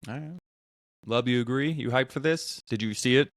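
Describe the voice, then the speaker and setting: A man hosting a casual chat podcast, rambling in a relaxed way as he leads the talk. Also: medium pitch, moderate pace, no room sound, studio quality. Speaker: podcast host.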